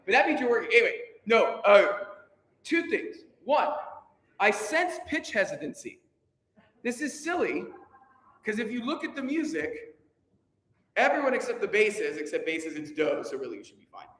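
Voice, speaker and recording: A man with a high, sing-song voice directs a choir at a moderate pace, pausing often, his tone a bit bright. Cheerful and teasing, he coaches the singers and counts them in. The large rehearsal room is echoey, with a long reverb.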